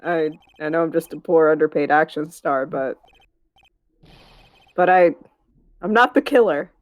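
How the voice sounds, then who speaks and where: A woman's voice: low voice, lively intonation, a little slow. A woman reading the part of a timid, anxious male action-star witness in a game, in a nervous, pleading manner. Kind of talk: reading game dialogue on stream.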